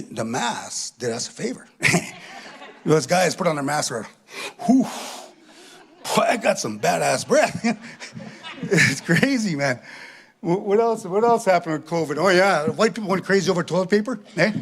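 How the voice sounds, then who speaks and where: A middle-aged man performing a chatty, self-mocking stand-up comedy set, tagging his lines with "eh". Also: fairly high pitch. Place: live stage before an audience.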